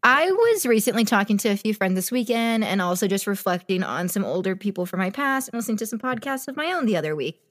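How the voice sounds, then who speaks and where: A woman in her twenties co-hosting a podcast, chatting casually, talking fast and laughing often. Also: medium pitch, big pitch swings, fairly bright tone. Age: 20s. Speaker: podcast co-host. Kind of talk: casual chat.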